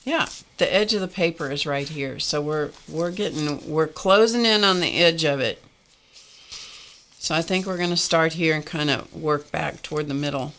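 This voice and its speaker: A woman's voice: low-pitched, normal speed, fairly bright tone, slight background noise. A woman hosting a casual art live stream, chatting while she works and laughing often. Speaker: art livestream host.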